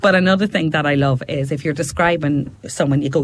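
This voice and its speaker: A middle-aged woman, chatting on radio as a guest, animated and laughing often as she tells stories. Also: low voice, fairly quick, slight background noise. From Ireland, border area near Leitrim. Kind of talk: casual radio chat.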